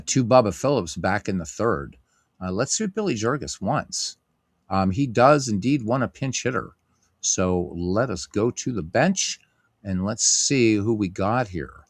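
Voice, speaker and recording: The voice is lowish and belongs to a middle-aged man, heard in a studio-quality recording free of room sound. He calls a tabletop baseball game play by play on his stream. Loose and filler-heavy, he keeps reading viewer comments and answering them.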